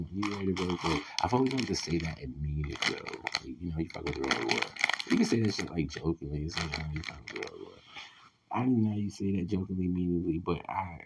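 A man ranting in a casual voice message, venting with heavy profanity and many fillers, getting loud and heated at times. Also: low voice, gravelly, a little hiss or hum, low-quality recording. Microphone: voice message recording.

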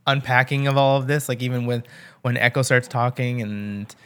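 A man's voice: medium pitch, steady tone, moderate pace, fairly bright tone, clear, resonant tone. A man co-hosting a casual podcast, agreeable and laid-back, full of filler words. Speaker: podcast co-host. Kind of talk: casual chat.

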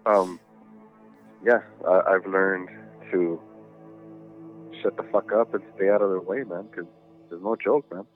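Rambling low-voiced man, tinny line. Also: fairly even intonation, measured pace, pauses often. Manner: rambling, many "you know"s, heavy swearing. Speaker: podcast guest. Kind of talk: casual storytelling chat. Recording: tinny phone-like line with faint music.

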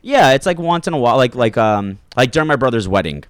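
A man's voice: medium pitch, animated, fast, clean tone, dry recording, studio quality. A young man, a comedian, telling rambling stories in casual podcast chat, full of filler words. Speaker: comedian guest.

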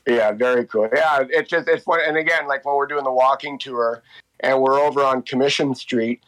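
A man's voice: medium pitch, fairly even intonation, moderate pace, fairly bright tone, rough recording. A man in his fifties tells stories casually in an interview, rambling with many fillers and restarts. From Canada. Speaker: interviewee, walking tour guide. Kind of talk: casual storytelling.

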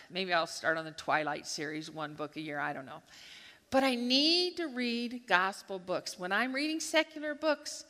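Her devotional talk at a church gathering centers on a lively personal story, with the woman voicing her own thoughts as she goes. Her pitch sits fairly low, and a long hall reverb colors the recording.

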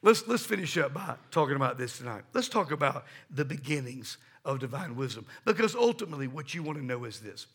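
A man's voice: medium pitch, very animated, brisk, few pauses, fairly bright tone, slightly rough. A middle-aged man preaching a sermon, telling stories and calling for responses from his congregation. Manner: emphatic, storytelling preacher. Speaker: pastor.

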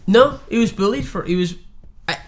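A man's voice: sits high, expressive, moderate pace. A young man with a Northern Irish accent in casual chat, thoughtfully arguing his point. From Northern Ireland.

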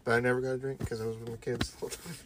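A man's voice: mid-range voice, level tone, very fast, fairly bright tone, a little hiss or hum. A man in his thirties, a podcast co-host, telling a casual story and swearing often. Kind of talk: casual chat.

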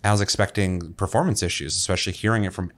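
A man's voice: low-pitched, fairly even intonation, fast. A man co-hosting a casual gaming podcast, talking loosely with fillers and the odd swear. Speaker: podcast co-host. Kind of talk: casual chat.

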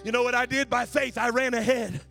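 A male pastor. He swings between shouted, sing-song preaching and quiet, conversational asides. Music plays clearly underneath him. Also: very high-pitched, steady tone, fairly quick. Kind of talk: sermon.

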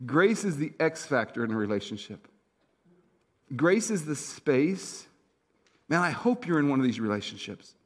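Middle-aged male pastor, somewhat high voice. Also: big pitch swings. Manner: storytelling, swinging from loud punchy lines to soft, slow, hushed ones; conversational, with fillers and asides to the congregation. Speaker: senior pastor. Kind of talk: sermon.

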